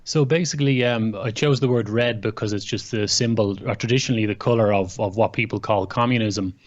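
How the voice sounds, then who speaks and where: Guest author, Irish man, calm explainer, muffled remote audio. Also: on the low side, fairly quick. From Ireland. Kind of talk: interview answers.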